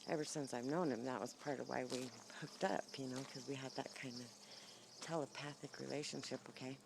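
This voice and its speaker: A woman's voice: a bass voice, fairly even intonation, brisk, creaky, noisy background. A woman vlogging outdoors on her phone without a clip-on mic, telling a long rambling story full of fillers, her voice a little shaky. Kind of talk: casual rambling vlog. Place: outdoors by the horses. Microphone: phone's built-in mic, no clip-on mic.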